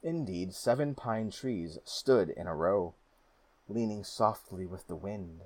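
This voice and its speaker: A man with a low, slightly husky voice reads a folk tale aloud. His pace is steady and measured, with the calm of a storybook narrator. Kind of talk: storybook reading.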